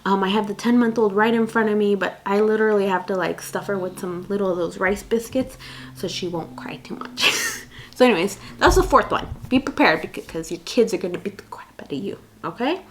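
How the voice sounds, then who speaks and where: A woman's voice: mid-range voice, brisk. A young woman, a mother and vlogger, chatting unscripted to her viewers. She rambles and fills her talk with "like" and "you know". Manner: rambling, chatty, many fillers. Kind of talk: unscripted casual chat.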